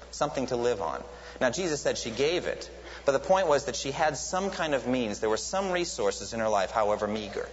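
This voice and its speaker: A man preaches a sermon in an earnest, teaching manner, his voice lifting sharply whenever he quotes someone crying out. The sound is lo-fi and a little dull, with a long hall reverb trailing each phrase and a faint hiss underneath. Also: mid-range voice. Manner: earnest teaching tone, rises sharply when quoting cries.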